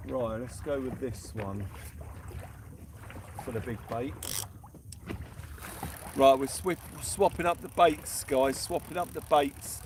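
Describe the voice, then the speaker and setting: A man's voice: medium pitch, lively intonation, measured pace, pauses often, darkish tone. A man hosting a casual night fishing livestream outdoors, greeting viewers by name and singing bits of songs. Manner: sings snatches of songs between chat. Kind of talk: casual live fishing stream chat. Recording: noisy outdoor recording.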